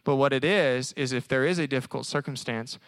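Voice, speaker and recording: A man preaching at a college service in a conversational, animated way, often acting out little voices. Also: mid-range voice, a little fast, smooth, dry recording. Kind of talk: sermon.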